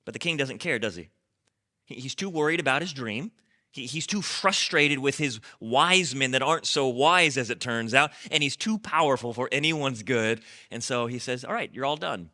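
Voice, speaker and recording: A man's voice: medium pitch, normal speed, sharp tone. A man preaching a sermon as pastor, speaking conversationally, repeating words and asking rhetorical questions.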